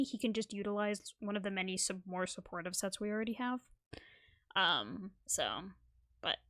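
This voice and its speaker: A woman's voice: medium pitch, fairly bright tone. Giggly rambling woman gamer. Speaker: gaming content creator. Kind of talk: casual reaction commentary. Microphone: desk mic.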